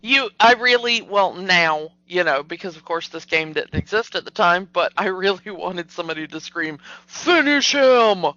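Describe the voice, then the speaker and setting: A woman's voice: on the low side, normal speed, few pauses, sharp tone. A woman co-hosting a podcast, chatting skeptically and animatedly about a movie, with plenty of fillers. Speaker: podcast co-host. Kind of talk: casual movie discussion. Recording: dull lo-fi podcast audio.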